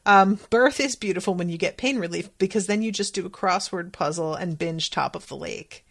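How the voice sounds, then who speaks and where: A woman hosting a podcast, casually recapping a TV episode in a chatty, candid way and acting out quotes with sudden pitch jumps. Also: normal speed, a bit bright.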